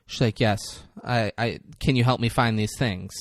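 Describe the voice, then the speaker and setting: A man co-hosting a podcast, recapping a movie in casual chat and jumping between quick voices for the characters. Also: lowish voice, no echo, clean studio sound. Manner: animated retelling with quick voice shifts. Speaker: podcast co-host.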